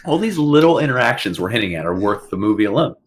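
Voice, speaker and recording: A young adult man co-hosting a casual podcast, talking in an animated way and slipping into quick put-on voices. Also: mid-range voice. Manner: animated, quotes movie lines in put-on voices. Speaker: podcast co-host. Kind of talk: casual chat.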